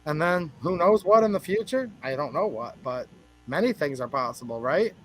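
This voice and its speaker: A man's voice: fairly high pitch, expressive, moderate pace, a bit bright, rough recording. A man hosting a casual livestream, chatting with viewers and greeting them by name in a rambling, joking way. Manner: chatty, rambling, jokes with chat. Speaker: livestream host.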